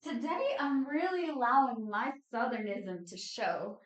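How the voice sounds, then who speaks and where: A woman's voice: fairly high pitch, measured pace. A woman in her thirties with a Southern Texas accent, giving a chatty, slangy tarot reading to her viewers. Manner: chatty and slangy, addresses viewers as babies and y'all. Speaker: tarot card reader. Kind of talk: casual monthly card reading.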